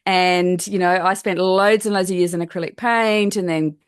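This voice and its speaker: A woman's voice: lowish voice, steady tone, moderate pace, clean tone, no room sound, clean studio sound. A woman hosting an interview podcast, chatting casually and speaking with effusive enthusiasm. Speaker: podcast host.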